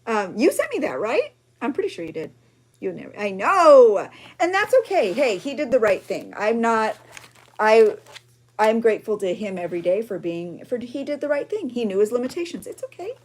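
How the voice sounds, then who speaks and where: A woman's voice: fairly high pitch, very animated, normal speed. A woman hosting a craft journaling vlog, chatty and emotional, rambling with fillers as she shows her pages. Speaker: junk journaling video host.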